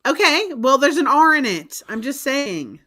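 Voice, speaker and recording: Brief: female co-host, fairly high and very lively pitch, insistent and argumentative in casual chat. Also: moderate pace. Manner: insistent, argumentative, spells words out. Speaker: co-host of a live reselling stream.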